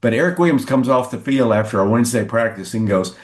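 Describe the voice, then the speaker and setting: An older man, a guest sportswriter, telling anecdotes in a lively conversational way and acting out what others said. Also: fast talker, hardly any pauses. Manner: lively storyteller who acts out quotes with pitch jumps. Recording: roomy echoey sound.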